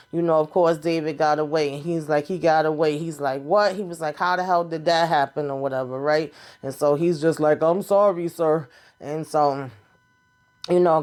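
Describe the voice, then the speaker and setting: A woman with a low voice retells a TV episode in a sassy, animated way. She talks casually, full of slang and mild cursing, like chatting with a friend. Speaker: TV show recap host.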